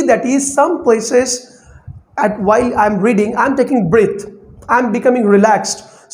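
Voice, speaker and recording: A man's voice: very high-pitched, darkish tone, reverberant, poor audio. A man teaching the basics of news reading in a spoken tutorial, stressing words and repeating his points to drive them home.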